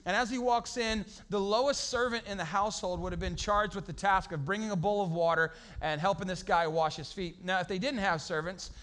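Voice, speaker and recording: A middle-aged man with a fairly high voice preaches as a pastor. He talks conversationally, lively and playful, and acts out the people in his stories in quick voices. It is a relaxed, chatty sermon.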